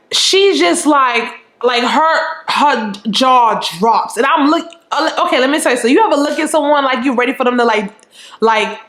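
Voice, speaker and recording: Woman vlogger, high voice, roomy echo; animated, profane storytime delivery. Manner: animated and profane, acts out scenes with quoted remarks. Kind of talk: casual storytime chat.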